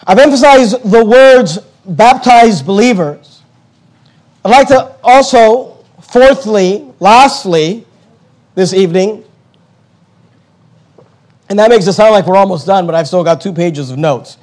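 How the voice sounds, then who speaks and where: A man preaching a sermon as pastor, fervent, with quick asides to the congregation. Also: high-pitched, animated, a little mellow.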